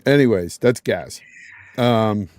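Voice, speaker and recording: A man's voice: lowish voice, takes it slowly, a little mellow. A man hosting a casual gaming podcast, loose and joking, full of fillers and restarts. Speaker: podcast host.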